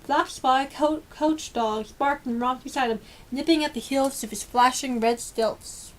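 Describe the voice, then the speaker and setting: A woman reading a children's storybook aloud with lively, expressive storytelling. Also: high voice, unhurried, a little hiss or hum. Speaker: storybook reader.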